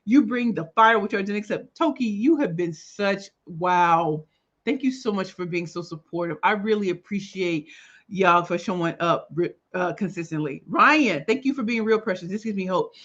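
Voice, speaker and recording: Female livestream host, animated and slangy, a bit tired, dull lo-fi sound. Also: medium pitch, normal speed. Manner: animated, greets viewers by name, slangy. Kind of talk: casual livestream chat.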